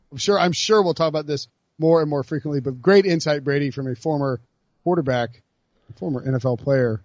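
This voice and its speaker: A man hosting a casual sports podcast, talking in an animated way with lots of fillers and restarts. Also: fairly high pitch, dry recording, dull audio. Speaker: podcast host.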